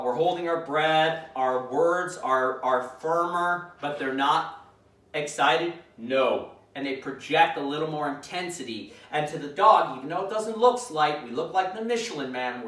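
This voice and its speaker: A man giving a dog-training lesson, explaining calmly and acting out commands aloud. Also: a little high. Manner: calm, demonstrates commands aloud. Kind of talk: instructional demonstration. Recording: echoey room, mic at a distance.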